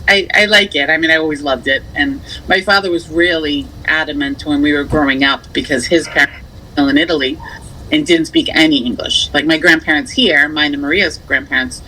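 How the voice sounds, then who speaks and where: Chatty woman on radio, bright crisp voice, explains w lots of examples. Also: sits low, fairly even intonation, brisk, slight background noise, poor audio. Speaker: guest. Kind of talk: casual chat.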